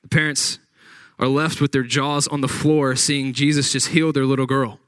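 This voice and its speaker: A man's voice: mid-range voice, flat delivery, moderate pace, a bit bright, no echo. A man preaching a sermon, reading scripture aloud and retelling the story with dramatic acted-out quotes. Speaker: pastor.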